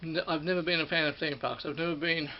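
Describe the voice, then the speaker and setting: Middle-aged aussie guy rambling on, gravelly, somewhat high voice, dull recording w/ faint hiss. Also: steady tone, fast talker. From Australia. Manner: rambling, repeats and corrects himself. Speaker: former ride operator reminiscing. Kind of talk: casual spoken reminiscence.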